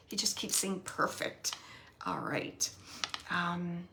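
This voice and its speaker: A woman medium passes along a spirit's words in a bright, slightly gravelly voice. She speaks in halting, repeated phrases and slips into near-whispers while she searches for the right word. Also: lowish voice, very animated. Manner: relays messages in soft, halting phrases, drops to whispers. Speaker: psychic medium. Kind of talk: channeling a spirit reading.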